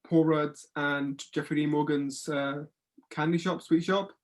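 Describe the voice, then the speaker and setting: A young man hosting a casual interview, asking eager, halting questions. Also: a little high, level tone. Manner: eager, hesitant questions with fillers. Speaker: interviewer host.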